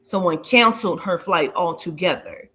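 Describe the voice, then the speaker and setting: A woman telling a story in casual chat, animated and profane, acting out the dialogue. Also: fairly low pitch, moderate pace. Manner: animated, profane, acts out dialogue in shifting voices.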